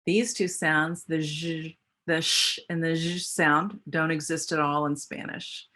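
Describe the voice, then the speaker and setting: A woman's voice: low-pitched, steady tone, unhurried, sharp tone. An American woman explaining speech sounds in a teacher training presentation, with a patient, explanatory manner and frequent restarts. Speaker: literacy educator.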